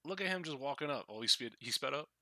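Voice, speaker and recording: A man's voice: medium pitch, animated, fast talker, bright, forceful tone, dry recording. A man streaming a video game live, joking and swearing casually as he reacts.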